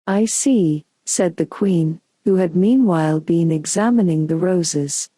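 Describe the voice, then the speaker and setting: A woman narrating a bedtime storybook in a calm, soothing, unhurried way. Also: on the low side, dry recording. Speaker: audiobook narrator.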